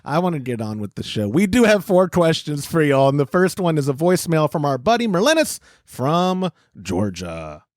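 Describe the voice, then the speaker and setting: A male podcast host with a high, lively voice that leaps up and down as he tells stories against himself. The sound is close and dry, with no room around it. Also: moderate pace, few pauses, dry recording. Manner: animated storytelling, self-mocking. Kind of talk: casual podcast chat.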